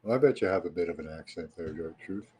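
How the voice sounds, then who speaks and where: A man with a Canadian accent, hosting a live stream in a relaxed, rambling way and chatting casually with viewers. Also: low-pitched, quick pace, a little hiss or hum, poor audio. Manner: relaxed and rambling, with frequent fillers. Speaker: livestream host.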